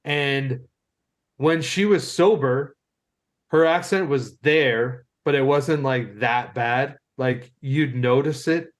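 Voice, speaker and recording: A man's voice: medium pitch, slow. Ontario guy rambling on a podcast, like like like, swears a lot. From Ontario, Canada. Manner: rambling, heavy use of "like", swears casually. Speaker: podcast co-host. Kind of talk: casual storytelling chat.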